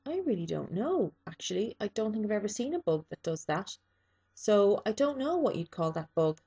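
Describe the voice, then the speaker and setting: A woman's voice: mid-range voice, big pitch swings, normal speed, warm tone, breathy edge, lo-fi sound. A woman with an East Coast Irish accent from Dublin, chatting casually and reading a word list with dry humour and frequent ums. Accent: Irish, East Coast (Dublin area). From Ireland (Dublin). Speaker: vlogger.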